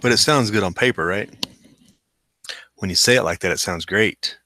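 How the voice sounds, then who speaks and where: A man's voice: low voice, a little fast, sharp tone, dry recording. Dry, skeptical man reading the news. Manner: skeptical, wry asides between read quotes. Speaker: host reading and commenting on articles. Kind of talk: casual commentary while reading aloud.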